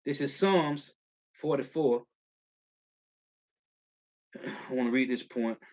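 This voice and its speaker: A man preaching in a slangy, emphatic way, keeping up a steady "man" as he reads and comments on scripture verses. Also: medium pitch, takes it slowly. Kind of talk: street-style scripture teaching, reading verses. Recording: muffled lo-fi audio.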